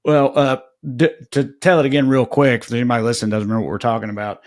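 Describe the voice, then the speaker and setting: Man, podcast co-host, casual chat, rambling, filler-heavy, mid-pitched voice. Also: rapid-fire. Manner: rambling storyteller, many fillers and restarts.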